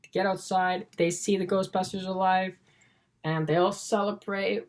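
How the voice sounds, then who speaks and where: A woman's voice: mid-range voice, steady tone, normal speed, noisy background. A woman giving a rambling, enthusiastic scene-by-scene movie recap, chaining events together with "and then.". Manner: enthusiastic, often says she loves it. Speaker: film reviewer.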